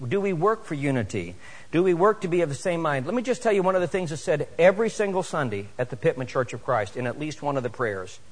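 A middle-aged man preaching a sermon to his church, animated and rising to emphatic exhortation. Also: a little high, fast talker. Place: church sanctuary. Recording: echoey church hall.

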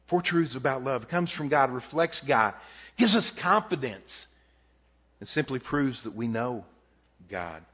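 Man preaching a sermon over tinny audio. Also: mid-range voice. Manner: expressive, swelling and dropping for emphasis. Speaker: pastor. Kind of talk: sermon with storytelling.

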